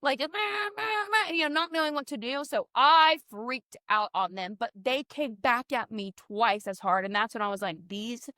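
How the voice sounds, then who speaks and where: A woman from the American South co-hosting a casual podcast, telling stories in an animated way and swearing freely. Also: fairly high pitch, moderate pace, few pauses, no echo, studio quality. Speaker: podcast co-host.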